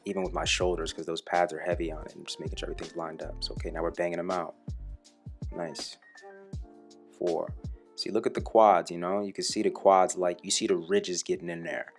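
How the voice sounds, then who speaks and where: A man's voice: low-pitched, flat delivery, brisk, soft background music. A young man talking casually and profanely over footage of his own workout, joking about himself in the third person. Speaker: fitness vlogger.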